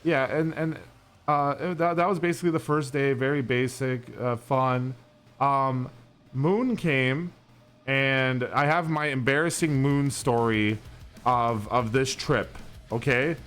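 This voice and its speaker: A man's voice: mid-range voice, slow, a bit bright, clear, resonant tone. A young man hosting a stream, telling a long story in a rambling, profane way with lots of restarts. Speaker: streamer host. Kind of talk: casual storytelling to stream chat. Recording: faint music behind.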